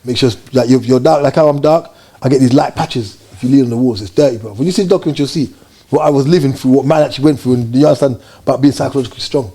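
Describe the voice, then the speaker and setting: A man from Jamaica, telling his story as an interview guest in fast, animated street slang. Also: mid-range voice, husky.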